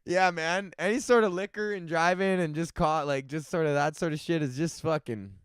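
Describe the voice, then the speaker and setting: Laughing, foul-mouthed high-voiced man. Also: fairly even intonation, normal speed, smooth, no room sound, studio quality. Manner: crude, laughing, jokey. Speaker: podcast host. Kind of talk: solo comedy podcast rant.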